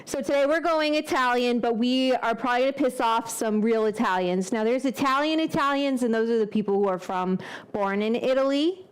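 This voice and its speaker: A woman's voice: fairly high pitch, a little fast, clean tone. Chatty rambling woman cooking host. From United States. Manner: rambling, self-interrupting, thinks aloud. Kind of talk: casual chatty cooking vlog.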